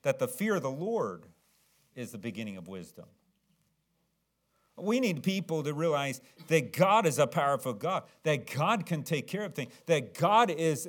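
A man preaching a sermon, swinging from low, earnest tones to loud, dramatic, acted-out shouts.

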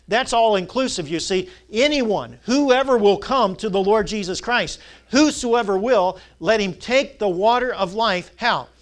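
A man preaching a sermon as pastor, prompting his congregation to finish the verses, then dropping to a soft hush for the appeal. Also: high-pitched. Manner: call-and-response preaching, asking the congregation "what?".

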